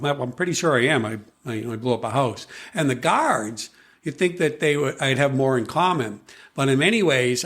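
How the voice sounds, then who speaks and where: A man recounting his past as a podcast guest, in an animated storytelling manner. He slips into the voices of people he quotes and often restarts his sentences. His voice sits at a middling pitch. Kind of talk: storytelling in conversation.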